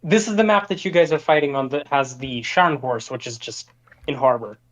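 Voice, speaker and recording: A man's voice: fairly high pitch, a little fast, fairly bright tone, a little hiss or hum. A man chatting and joking while playing a team game, short on sleep. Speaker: player. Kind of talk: casual game chat.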